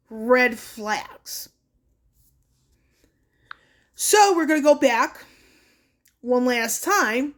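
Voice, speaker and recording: A woman vlogger talking casually through a screen recording, earnest and warning, with fillers and restarts. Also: high-pitched. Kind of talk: casual screen-share walkthrough.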